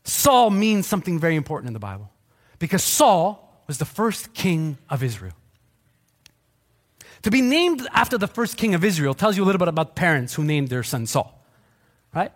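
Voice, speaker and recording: A middle-aged man preaching a sermon in a high voice. He jokes with the congregation and slips into other people's voices, and his voice swings widely up and down. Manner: animated, joking, acts out quoted voices. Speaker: pastor.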